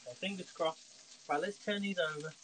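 A man's voice: sits high, fairly quick, bright, forceful tone, a little hiss or hum, rough recording. A man hosting a casual live cooking stream from his home kitchen, chatting straight to his viewers. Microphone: phone. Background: frying sizzle.

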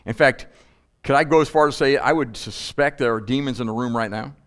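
Male pastor, mid-pitched, animated delivery with rhetorical questions. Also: brisk. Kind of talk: sermon. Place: church.

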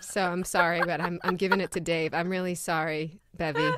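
A young adult woman co-hosting a podcast, telling family stories in an animated way and laughing often. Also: on the low side, a little fast, background noise. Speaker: podcast co-host. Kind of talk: casual chat.

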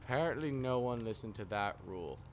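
A man's voice: medium pitch, lively intonation, a little fast, over music. A man giving casual, rambling let's play commentary with sarcastic, self-mocking jokes. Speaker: gameplay commentator. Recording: noisy game audio behind.

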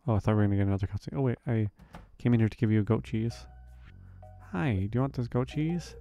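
A man's voice: medium pitch, quick pace, warm tone, soft background music. A man casually commenting on a farming game as he plays, thinking aloud with frequent ums and questions to himself. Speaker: let's play host.

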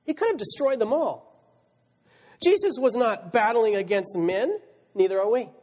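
A man's voice: sits high, animated, moderate pace, darkish tone. A male pastor preaching a sermon, reading scripture aloud and asking rhetorical questions. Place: church sanctuary. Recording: church hall reverb.

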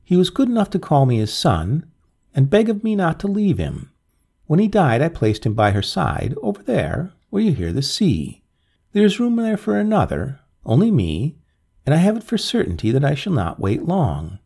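A man voicing a pale, dying young man who speaks calmly and gravely. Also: fairly high pitch, normal speed, voice pushed up, full character voice. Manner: calm, quiet, grave.

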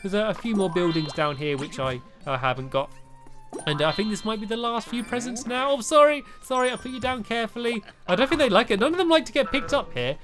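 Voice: medium pitch, lively intonation, fast, over music. A let's-player giving chatty, casual gameplay commentary, laughing often and reading game text aloud in joking voices.

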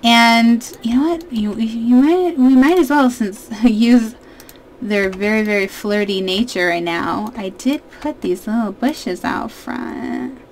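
A woman in her twenties giving casual, excitable let's-play commentary as a gaming YouTuber, chatting to her viewers. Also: a little high, slow pace, a little hiss or hum.

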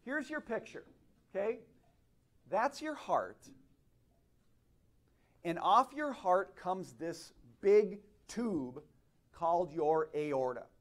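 A man from Minnesota giving a conference speech on stage, telling stories with dramatic pauses. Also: high-pitched. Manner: animated storyteller, dramatic pauses. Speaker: speaker at a conference. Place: stage at a live event.

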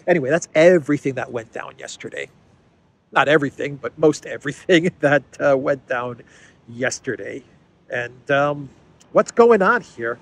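A man's voice: mid-range voice, moderate pace, gravelly. A man hosting a casual political commentary show, talking in a conversational way, repeating words as he thinks and adding sardonic asides.

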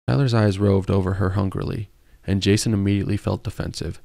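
A man narrating a romance novel as an audiobook in a steady, even storytelling manner. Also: sits low, fast, vocal fry, few pauses, no echo, clean studio sound. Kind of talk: scripted narration.

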